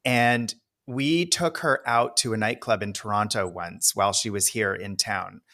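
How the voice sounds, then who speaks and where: A man co-hosting a podcast, telling an amused, measured anecdote. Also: lowish voice, sharp tone. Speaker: podcast co-host. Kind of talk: casual storytelling chat.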